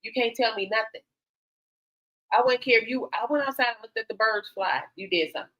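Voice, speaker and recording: A woman's voice: a little high, animated, a little fast, a bit bright. An older woman hosting a radio talk show, speaking frankly and animatedly, acting out quotes as she tells stories. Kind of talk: candid casual talk show conversation. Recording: slightly dull lo-fi sound.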